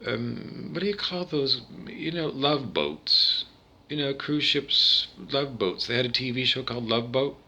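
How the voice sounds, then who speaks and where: A man's voice: mid-range voice, lively intonation, unhurried, sharp tone. A man from Canada talking alone to camera in a rambling, digressive monologue full of tangents and restarts. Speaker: vlogger.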